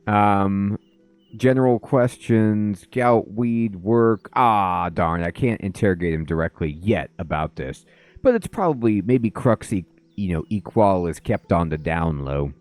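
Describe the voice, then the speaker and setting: A man's voice: fairly low pitch, unhurried, a little mellow, no echo. A man doing casual live commentary on a game, chatty and rambling, greeting viewers as he plays. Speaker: let's play streamer.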